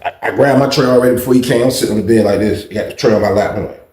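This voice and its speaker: A young man casually telling a story in an animated, profane, conversational way. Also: lowish voice, very fast. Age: young adult. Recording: roomy echo.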